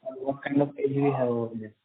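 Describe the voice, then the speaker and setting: Polite Indian analyst on a phone line. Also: male voice, mid-range voice, flat delivery, fast. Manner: polite, starts sentences with "so". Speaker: analyst asking questions. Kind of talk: earnings call question.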